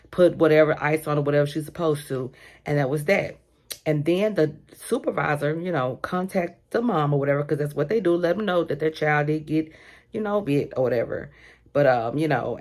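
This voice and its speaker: A woman with a slightly low voice tells a storytime from her daycare job. She chats loosely, circles back often and keeps calling out to her viewers. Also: darkish tone. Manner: chatty, addresses listeners as y'all, lots of asides. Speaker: vlogger telling a workplace story. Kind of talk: casual storytime.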